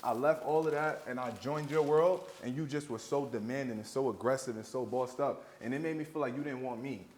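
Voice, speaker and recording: A man from New York talks earnestly, stumbling and repeating words as he makes his case. His mid-pitched voice carries a roomy echo, with faint noise in the background. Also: fairly quick, hardly any pauses, darkish tone. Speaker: guest. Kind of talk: candid conversation over a meal.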